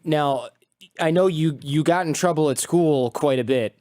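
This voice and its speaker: Relaxed male interviewer asking questions. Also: fairly high pitch, measured pace, dry recording, studio quality. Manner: prompting questions, easy reactions. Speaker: interview host. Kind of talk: conversational interview.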